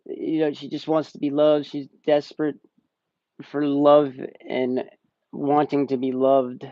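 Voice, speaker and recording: A man's voice: fairly high pitch, completely flat delivery, unhurried, no room sound. A young man casually reviewing a movie on a live stream, rambling and swearing, often laughing. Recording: slightly muffled dry stream audio.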